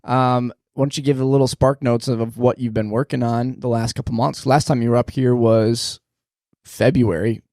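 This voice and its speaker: A man hosting a casual podcast in a small studio, upbeat and jokey, talking in quick bursts. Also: mid-range voice, steady tone, a little mellow, no room sound. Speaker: podcast host.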